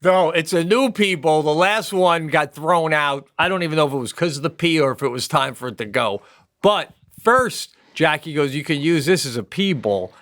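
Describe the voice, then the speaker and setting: A man co-hosting a comedy podcast, telling animated stories with frequent swearing while recovering from hip surgery. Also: fairly high pitch, normal speed, no room sound, clean studio sound. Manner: animated storyteller, swearing, acting out voices. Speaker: podcast co-host. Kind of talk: casual comedic chat.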